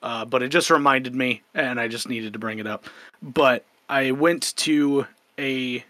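A man's voice: mid-range voice, unhurried, pushed and bright, dry recording. Candid man with a slight stutter. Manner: candid, self-deprecating, many restarts. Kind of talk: casual podcast chat.

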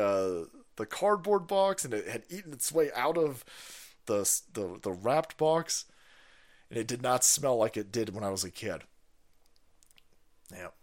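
A foul-mouthed man hosts his own live stream, rambling casually and reading viewer comments aloud. He laughs often, and his pitch rises and falls in lively swings. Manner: profane, laughing, reads viewer messages aloud; animated, jumps into loud voices for stories.

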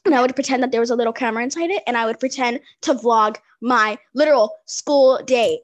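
A woman's voice: on the high side, a little fast. A young woman telling rambling school stories in casual chat, often breaking into giggles. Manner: giggly, rambling, many fillers.

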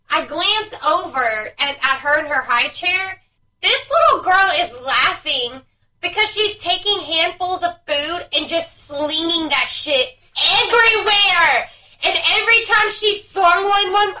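A young woman chatting casually as a podcast co-host, an animated storyteller who swears freely. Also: very high-pitched, distant mic, rough recording. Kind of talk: casual chat.

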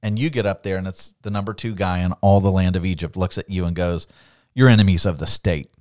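Podcast co-host, male, somewhat low voice; chatty Bible teacher who acts out quotes and laughs easily. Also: steady tone, fast, warm tone, no echo, studio quality.

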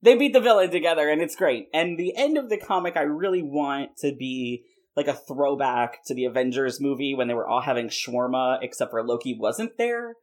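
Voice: medium pitch, animated, a little fast. A podcast host in a casual chat, playfully rambling through a made-up comic plot with lots of "like" fillers. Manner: playful, rambling, frequent laughs and many "like" fillers.

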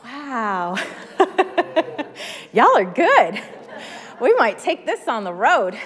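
A woman's voice: fairly high pitch, very animated, extremely slow, pauses often, a bit bright. A woman pastor giving a sermon, chatty and self-deprecating, who leads the congregation in singing. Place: church sanctuary. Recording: long hall reverb.

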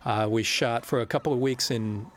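A man, the film's director, speaking in a relaxed way with pauses in a film commentary. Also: medium pitch, slight background noise.

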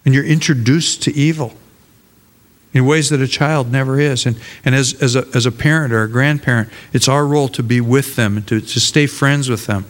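A man's voice: medium pitch, fairly even intonation, moderate pace, long reverb tail. An older man and pastor preaching a conversational sermon, often repeating words as he searches for them.

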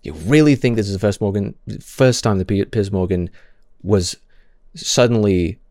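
Stuttering young man, low and dark. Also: normal speed, no echo, studio quality. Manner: frequent restarts and repeated words, heated. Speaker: streamer. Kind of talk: impassioned stream commentary.

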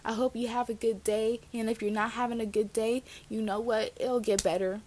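A woman's voice: on the high side, little pitch movement, normal speed, a little mellow, a little hiss or hum. A young woman in her twenties hosting a casual solo podcast, bubbly and rambling, peppering her talk with "like". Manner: bubbly, rambling, heavy use of "like". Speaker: podcast host.

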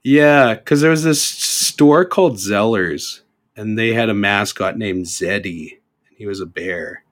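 A young Canadian man with a Canadian accent, chatting as a podcast guest, rambling with lots of fillers and restarts. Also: fairly low pitch. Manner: rambling, halting, with many fillers and self-corrections. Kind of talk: casual chat.

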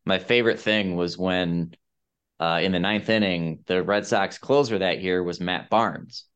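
A male podcast host with a smooth, clear voice that sits a little low. He chats casually and tells anecdotes with animated accent impressions thrown in. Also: unhurried, lo-fi sound. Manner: animated storyteller who mimics accents. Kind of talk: casual chat, storytelling.

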